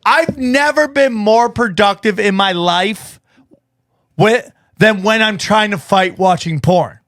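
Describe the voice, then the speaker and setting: Man, high voice, casual podcast story, acts out quotes, dry close sound. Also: slow, dry recording. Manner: animated, acts out quotes, rising to shouts. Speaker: podcast co-host.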